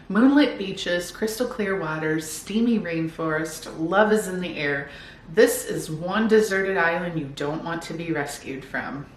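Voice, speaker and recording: A woman's lowish, slightly bright voice carries through an echoey room with faint background noise. She's a book vlogger doing a casual haul at home, talking cheerfully about new books and sometimes reading their back-cover blurbs.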